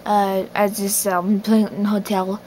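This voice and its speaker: Woman doing a made-up Parisian woman, put-on French accent, slow, halting, deliberate. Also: medium pitch, level tone, darkish tone, a little hiss or hum, natural voice. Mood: playful.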